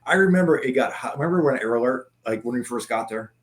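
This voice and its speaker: A man's voice: mid-range voice, lively intonation, fast talker. A middle-aged man, a guest, telling stories in a rambling, profane casual chat.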